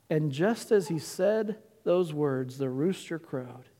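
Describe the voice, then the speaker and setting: A man's voice: fairly high pitch, lively intonation, slow pace, hardly any pauses, mellow. A male pastor preaching a sermon, telling a story dramatically and acting out the characters' voices. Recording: long hall reverb.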